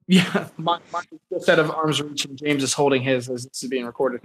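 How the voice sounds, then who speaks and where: Young male podcast co-host, higher voice, eager and rambling. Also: moderate pace, breathy edge, poor audio. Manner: enthusiastic, rambling with fillers. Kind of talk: casual chat.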